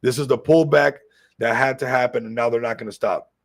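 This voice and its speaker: Gravelly-voiced hyped livestream man. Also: medium pitch, fairly quick. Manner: excitable, hyped, keeps addressing the viewers. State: a little sick. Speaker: crypto livestream host. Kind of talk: casual livestream commentary.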